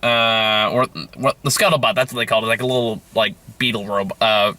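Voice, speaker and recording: Sarcastic, tired man with a bright voice. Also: fairly low pitch, steady tone, fairly quick. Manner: sarcastic, profane, rambling with fillers. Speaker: film reviewer. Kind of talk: casual film review rant.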